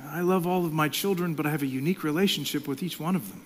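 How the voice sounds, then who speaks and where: Middle-aged pastor guy preaching, a bit high voice, goes loud then drops to whispers. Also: very fast, hardly any pauses. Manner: dynamic, swings from loud to soft whispers. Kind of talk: sermon.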